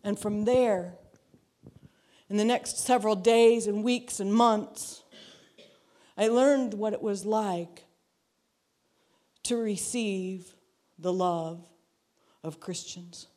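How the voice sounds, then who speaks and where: A woman's voice: mid-range voice, slow, pauses often, warm tone. A woman giving a personal testimony to a church, earnest and reflective, repeating phrases for emphasis. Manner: acts out quoted dialogue in her story.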